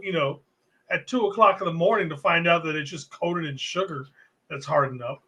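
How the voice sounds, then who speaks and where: A man's voice: high-pitched, moderate pace, bright, forceful tone. A man co-hosting a casual sports podcast, telling a long profane story in a laid-back way. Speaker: podcast co-host.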